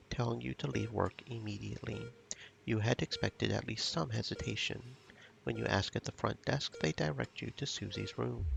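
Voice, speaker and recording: A man streaming a game, reading its story text and dialogue aloud at a slow, somber pace. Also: medium pitch, vocal fry. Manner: reads story text with quiet, somber pacing. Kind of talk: narrating and voicing game dialogue.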